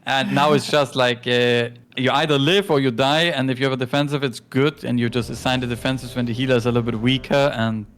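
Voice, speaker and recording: A man coaching a gamer in casual chat, explaining mechanics in a halting way with many restarts. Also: mid-range voice, fairly even intonation, fairly bright tone. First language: German. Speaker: game coach.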